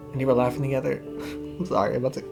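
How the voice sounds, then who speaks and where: Fast-talking young man gushing and crying. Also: medium pitch, creaky. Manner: excited, gushing, tearful, says bro. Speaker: movie reviewer. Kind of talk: emotional casual movie review.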